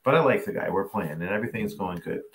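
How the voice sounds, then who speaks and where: A man's voice: low voice, fast talker. A middle-aged man, a tennis coach, telling a story to a class over a video call and acting out the voices he quotes. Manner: animated, acts out quoted voices. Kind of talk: storytelling masterclass talk.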